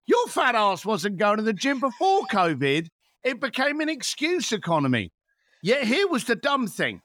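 Blunt fifty-something guy ranting on a podcast, high bright voice, dry sound. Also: sing-song, normal speed, no echo. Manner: blunt, swearing, rant-like storytelling. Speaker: guest. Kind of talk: podcast interview.

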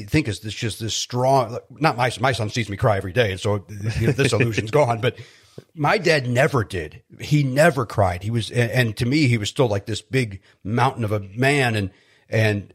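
A man, telling stories as a podcast guest in an animated, joking way. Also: medium pitch, breathy edge. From South Side of Chicago. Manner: animated storyteller, quick jokey asides. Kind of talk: casual chat.

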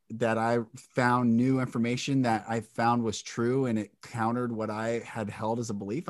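Male guest, mid pitch, dry close sound, intense and emotional delivery with loose swearing. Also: dry recording. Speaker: podcast guest. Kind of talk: candid interview talk.

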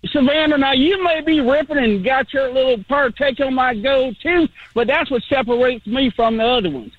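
High boastful Southern man on the phone. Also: normal speed. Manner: boastful, folksy drawl. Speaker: caller. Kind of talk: phone call on a radio show. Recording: muffled phone line.

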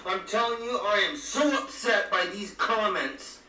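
A man's voice: sits high, a little slow, sharp tone. British man in a theatrical mock rant. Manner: over-the-top faux outrage, theatrical. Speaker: podcast co-host. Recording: roomy, distant mic, faint noise.

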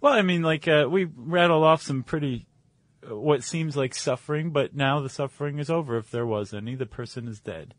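A man co-hosting a podcast, easygoing, with quick reactions and playful segues. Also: fairly high pitch, no room sound. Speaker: podcast co-host. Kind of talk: casual chat.

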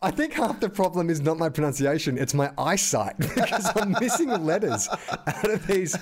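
A man's voice: a little high, sing-song, normal speed. An Australian man co-hosting a podcast, chatting casually and laughing at his own mistakes. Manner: laughing, self-mocking. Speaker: podcast co-host. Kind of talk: casual chat.

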